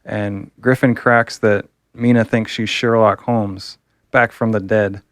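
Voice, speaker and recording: A man's voice: on the low side, little pitch movement, slow pace, no echo, clean studio sound. A man reviewing a comic book, talking casually and enthusiastically, rambling with fillers.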